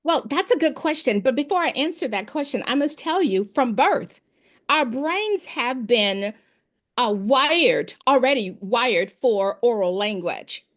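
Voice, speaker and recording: In an informal interview, a woman who was once a principal and is an education expert shares classroom anecdotes. Her pitch is fairly high and her pace a little slow, and she performs the dialogue with lively energy.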